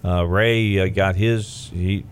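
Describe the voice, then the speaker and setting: A man hosting a radio talk show, chatting with his guests in a halting, conversational way with many fillers and upbeat station breaks. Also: low-pitched, fairly even intonation, clear, resonant tone.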